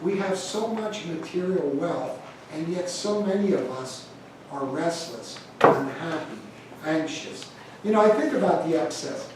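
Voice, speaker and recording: A man's voice: a little high, unhurried, heavy background noise. A middle-aged American man giving a conversational church talk on stewardship, telling personal stories with growing animation. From United States. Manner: conversational, storytelling, animated when telling anecdotes. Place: large church hall. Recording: echoey church hall from far off.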